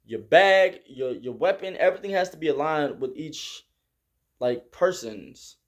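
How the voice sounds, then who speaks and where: A young man with tells a story in a casual vlog. His voice sits a little high for a man. He talks in an animated way, acts out shouted quotes and fills his speech with "like" and "bro". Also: measured pace. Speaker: vlogger recounting army basic training.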